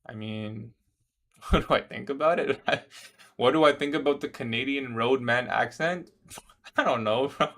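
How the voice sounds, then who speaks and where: A young man livestreams his day trading with a mid-range, fairly bright voice, speaking at a measured pace broken by long pauses. He reads out viewer questions and answers them in a relaxed way, saying "bro" a lot and laughing when a question strikes him as odd.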